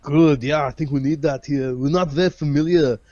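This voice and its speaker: A man's voice: on the high side, normal speed, dark tone, no echo, lo-fi sound, lightly acted. A man voicing a big, boisterous and foul-mouthed gladiator master in a tabletop role-play. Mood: gruff. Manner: blunt and profane, boisterous. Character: large, brash, crude male gladiator master.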